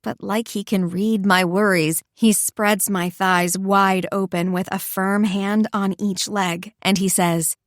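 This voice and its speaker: A woman reads a first-person romance audiobook, expressive and intimate. Her voice sits at a middle pitch for a woman, and the recording is dry and close with no room sound. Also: slow, few pauses, no room sound. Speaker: audiobook narrator.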